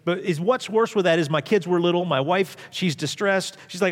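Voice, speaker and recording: A middle-aged man preaching a sermon as pastor, telling stories and swinging from loud emphasis to hushed asides. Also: high voice, sing-song, quick pace, few pauses, big-room sound.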